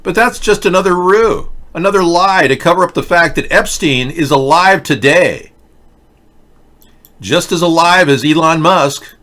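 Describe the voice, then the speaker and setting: A man's voice: on the high side, a little slow, sharp tone. A man hosting a livestream political rant, sarcastic, mocking and rambling as he talks to his chat. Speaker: host.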